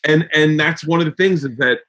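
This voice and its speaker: A man hosting a podcast in casual chat, talking in a rambling, excitable way and swearing freely. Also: on the high side, fairly quick. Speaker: podcast host.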